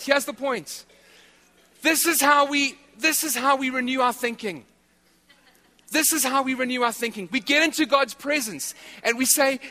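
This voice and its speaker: Man preaching a sermon, high voice, bright tone, repeats himself, long hall reverb. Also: fairly quick. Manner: animated preaching with repetitions. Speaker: pastor. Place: church hall.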